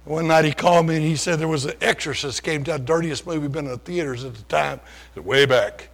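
Gravelly older man preaching a testimony. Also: on the high side, a little fast. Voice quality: gravelly, husky. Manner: folksy, self-deprecating, conversational. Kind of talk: sermon testimony storytelling.

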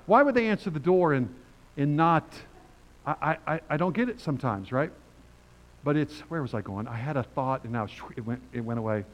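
An older man preaching a sermon in a conversational, animated way, reading scripture and acting out quotes. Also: mid-range voice, fairly quick, rough recording.

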